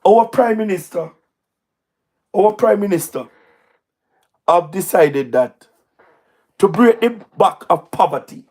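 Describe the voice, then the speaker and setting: A man with a Jamaican accent giving emphatic, repetitive political commentary on a livestream, his voice going hoarse. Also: high voice, darkish tone. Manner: repetitive, emphatic, speaks in patois. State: hoarse, voice wearing out. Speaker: livestream host. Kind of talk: live-stream political commentary.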